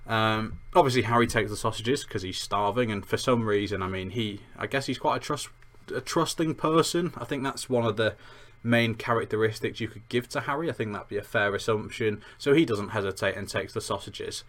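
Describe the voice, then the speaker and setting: Brief: male podcast host, lowish pitch, chatty and self-deprecating, reading and commenting. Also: fairly quick, a bit bright. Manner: rambling, self-deprecating, with fillers and restarts. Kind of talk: chatty book review with read-aloud passages.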